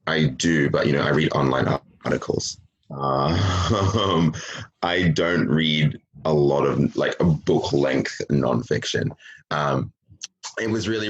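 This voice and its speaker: A man's voice: very deep voice, lo-fi sound. A man on a podcast talking casually about a book at home, hesitant with many restarts. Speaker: podcast panelist.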